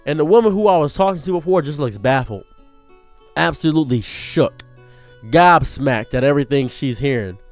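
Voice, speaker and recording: A young man tells a comedic personal story in a lively, joking way, his voice sitting a bit high for a man. Soft music plays faintly behind him. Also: moderate pace. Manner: animated, jokey, bursts into higher acted quotes. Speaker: streamer telling a story.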